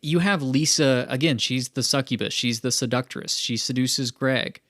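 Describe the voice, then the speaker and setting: A man's voice: medium pitch, moderate pace, fairly bright tone, no echo, studio quality. A man co-hosting a casual film-discussion podcast who rambles through his points and laughs often. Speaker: podcast co-host.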